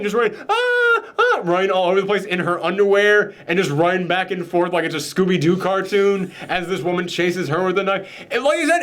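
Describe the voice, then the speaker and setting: A man with a slightly high voice chatting casually through a film review. He talks in a candid, opinionated way. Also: fairly bright tone. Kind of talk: casual movie review chat.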